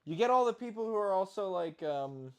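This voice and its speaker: A man's voice: sits high, lively intonation, brisk, clean tone. A man chatting casually while cooking at home, rambling and self-deprecating, swearing now and then. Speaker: home cook vlogger. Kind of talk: casual kitchen chat.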